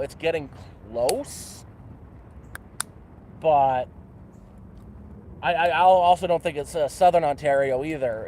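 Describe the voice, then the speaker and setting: A man's voice: on the high side, warm tone, slight background noise. A Canadian man with a Canadian accent, casually chatting on an outdoor livestream at a campsite, rambling and self-mocking with a playful "eh" and "bud". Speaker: livestream host.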